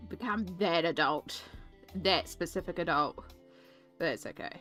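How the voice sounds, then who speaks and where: Over soft background music, a woman with a fairly low, slightly bright voice talks in an unhurried way. She's a thirtysomething art streamer with an Australian accent who chats and laughs while colouring, occasionally putting on sarcastic adult tones.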